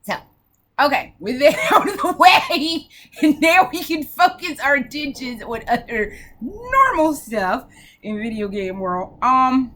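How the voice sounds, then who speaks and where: Brash high-voiced woman gaming vlogger. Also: very animated, unhurried, fairly bright tone. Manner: brash, profane, giggly rambling. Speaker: video game vlogger. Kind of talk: casual profane gaming vlog.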